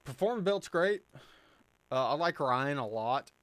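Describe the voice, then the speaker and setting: A man's voice: a little high, animated, measured pace, a bit bright, no room sound. A man hosting a live stream, chatting casually and answering viewer questions with plenty of fillers and restarts. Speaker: livestream host answering chat.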